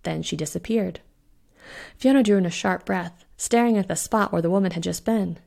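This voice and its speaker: A woman who hosts a podcast, narrating her own spooky short story in a measured, suspenseful way. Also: fairly low pitch, creaky, a little mellow. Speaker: podcast host and author reading her story. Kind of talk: audiobook narration.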